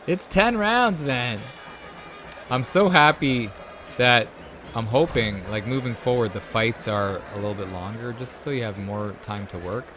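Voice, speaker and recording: A man hosting a let's-play, commentating on a video game in a casual, excitable way, cheering at the screen and dropping to a hushed voice when it gets tense. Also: mid-range voice, unhurried, music in the background. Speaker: host.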